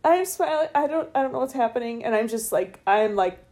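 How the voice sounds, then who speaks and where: Animated woman telling a story. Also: fairly high pitch, brisk. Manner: animated storytelling, acts out voices. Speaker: podcast co-host. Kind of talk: casual chat.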